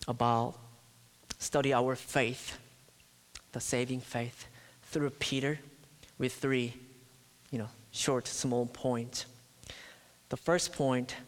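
A man preaching a sermon, emphatic, dropping to a near-whisper at times. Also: mid-range voice. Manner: emphatic, slow, swings from loud to near-whisper. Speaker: pastor. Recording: long hall reverb.

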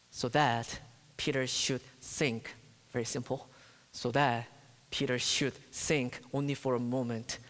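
A man preaching a sermon to his church, slow and deliberate, building to impassioned, pleading cries. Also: medium pitch, a bit bright. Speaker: pastor. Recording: long reverb of a church hall.

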